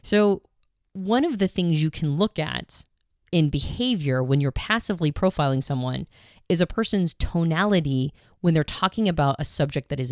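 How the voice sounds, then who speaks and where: A woman co-hosting a podcast, explaining ideas in a measured, analytical way, mostly even in tone with some inflection. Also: deep voice, no echo, clean studio sound. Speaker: podcast co-host.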